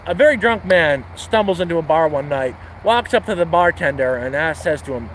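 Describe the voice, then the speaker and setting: A man chatting casually on a livestream, crude and laid-back, swearing as he tells dark jokes. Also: fairly high pitch, lively intonation, fairly quick, hardly any pauses, a little hiss or hum, poor audio. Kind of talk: casual livestream chat and joke telling. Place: outdoors near water.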